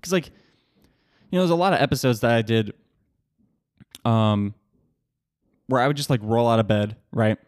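A man's voice: mid-range voice, normal speed, pauses often, dry recording, clean studio sound. Young man ranting and laughing on a podcast. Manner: swearing, laughing, animated rambling. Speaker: podcast host. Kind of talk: casual solo podcast rant. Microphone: podcast microphone.

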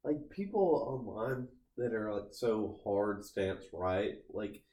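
Co-hosting a podcast in an echoey room, a man tells rambling stories packed with filler words and frequent laughs. His voice is lowish and mellow, slow-paced, with lively intonation.

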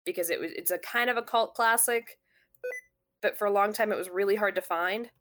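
A woman's voice: medium pitch, a little fast, fairly bright tone. A woman in casual conversation, telling a long story with many fillers and restarts. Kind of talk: casual chat.

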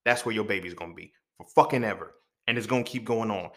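A young man hosting his own podcast, talking alone in a heated, profane monologue that rises to near-shouts and then drops low. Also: quick pace. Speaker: podcast host. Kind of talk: impassioned solo monologue.

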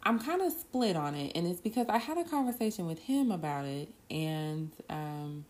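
Low-voiced woman hosting a podcast. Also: sing-song, darkish tone. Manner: earnest, drawn-out pauses, bursts of laughter. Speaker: podcast host. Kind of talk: casual solo podcast talk.

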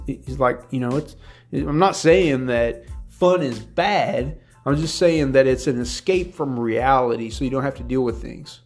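An earnest man speaks in a casual, motivational monologue at a middle pitch, often restarting his sentences and leaning on fillers. Faint music plays quietly behind his voice. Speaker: podcast host.

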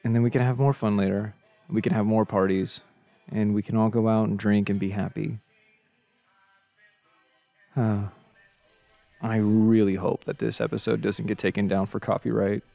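A man's voice: on the low side, little pitch movement, normal speed, creaky, pauses often, warm tone, dry recording, faint music behind. A young man hosting a casual solo podcast, rambling and joking at his own expense, tired from too little sleep. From of Mexican descent. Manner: rambling, joking, self-deprecating. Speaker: podcast host.

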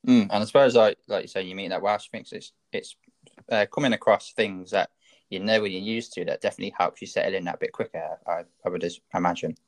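Low-voiced man hosting an interview. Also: steady tone, fast. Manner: supportive, asks rambling questions. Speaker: podcast host. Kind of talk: casual interview.

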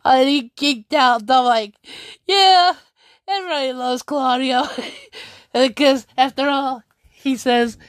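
A woman's voice: high voice, unhurried, dry recording, studio quality. A woman chatting casually in a vlog, rambling with frequent laughs and restarts.

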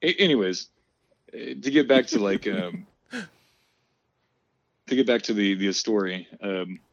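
A man's voice: fairly low pitch, lively intonation, takes it slowly, dry recording, lo-fi sound. A man from the United States telling a long story in casual chat, rambling with lots of fillers and frequent laughter. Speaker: podcast co-host telling a story.

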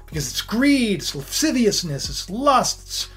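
A preacher retelling a scripture story in a sermon, animated and full of asides to the listeners. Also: medium pitch, slow, long pauses, soft background music.

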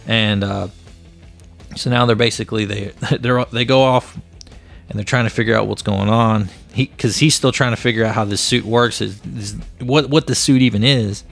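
Male podcast host, low and gravelly, loose storyteller who voices each character. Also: moderate pace, faint music behind. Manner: animated storyteller who acts out the characters' lines. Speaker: comic book podcast host. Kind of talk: casual retelling of a comic story.

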